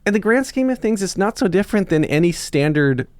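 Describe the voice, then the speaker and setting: A man's voice: high voice, sing-song, a little fast, darkish tone, no echo. A man hosting a podcast, asking questions in casual, enthusiastic interview chat. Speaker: podcast host.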